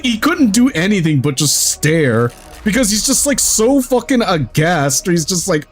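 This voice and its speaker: Man streamer, lively swinging voice, a bit high, swears a lot, quiet game music behind. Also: normal speed. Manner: excitable, swears freely, laughs often, yells at the game. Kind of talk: casual gameplay chat.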